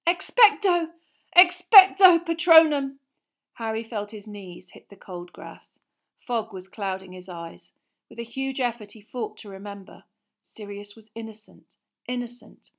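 A woman reads a fantasy novel aloud at a middle pitch. Her narration is tense and expressive, and it builds suspense line by line. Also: normal speed, vocal fry. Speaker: audiobook reader. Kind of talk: dramatic storybook narration.

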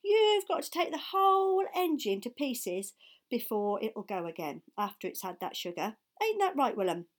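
A woman reading a storybook, voicing an old man who drives a country taxi, excitable and full of rough slang. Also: a little high, moderate pace. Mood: knowing.

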